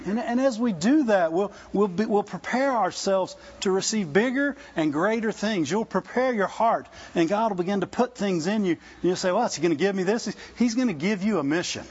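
A man's voice: sits high, expressive, normal speed, hardly any pauses, slightly rough. A man preaching a sermon in a conversational, folksy way, often asking his listeners rhetorical questions. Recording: dull lo-fi recording.

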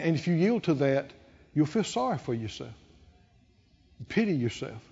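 A man's voice: a little high, dark tone, husky. A male preacher delivering a sermon with emphatic, building repetition. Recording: dull lo-fi recording with long hall reverb.

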